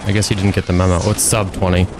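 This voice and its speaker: Over a noisy background, a man streams his gameplay and comments casually, talking rapid-fire in a low voice with little pitch movement. He's wry and chatty, talking to himself and his viewers and laughing often.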